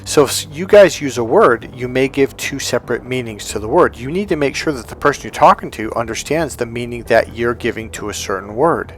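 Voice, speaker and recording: A man speaking as a relationship coach in a motivational monologue, telling stories with animated delivery. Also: medium pitch, fairly quick, few pauses. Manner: animated storytelling, acting out dialogue.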